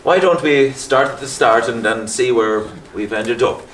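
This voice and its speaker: An actor with a Liverpool accent playing a pompous, meddling middle-aged Catholic priest who hesitates and repeats himself. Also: male voice, mid-range voice, unhurried, fairly bright tone, close to an everyday voice. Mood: smug, probing. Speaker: parish priest. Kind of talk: stage play acting. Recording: echoey stage with faint noise.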